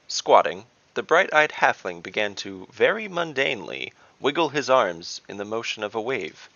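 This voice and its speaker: Guy narrating a fantasy story, low gravelly voice, lively, dull dry recording. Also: moderate pace, no room sound. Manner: expressive storytelling.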